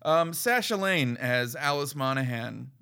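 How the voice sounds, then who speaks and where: A man's voice: medium pitch, animated, measured pace, gravelly, bright, forceful tone, clean tone. A man co-hosting a casual film review chat, sarcastic and profane, mocking with impressions. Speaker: podcast co-host reviewing a film.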